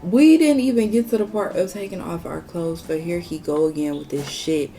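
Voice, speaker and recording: Frank, low-voiced woman telling a story. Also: normal speed, few pauses, mellow, slight background noise. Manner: candid and profane, talking straight to viewers. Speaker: beauty vlogger. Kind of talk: casual storytime chat during a makeup tutorial.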